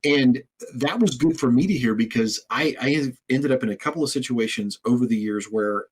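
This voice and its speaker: Husky male podcast host telling stories. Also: mid-range voice, a little fast, low-quality recording. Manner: storytelling, frequent restarts and repeated words. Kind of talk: conversational interview.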